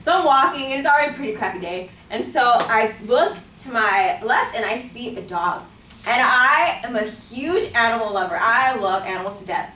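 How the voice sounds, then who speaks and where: A woman's voice: a little high, lively intonation, normal speed, bright, forceful tone, a little hiss or hum. A young woman giving a casual storytelling speech to a class, full of fillers and acting out her own reactions. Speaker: student speaker. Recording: echoey room from far off.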